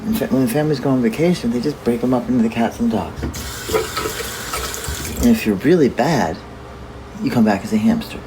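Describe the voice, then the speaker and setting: Casual male monologist, meandering and jokey; steady ambient noise behind. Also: mid-range voice, a little fast, pauses often. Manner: joking, meandering, self-correcting.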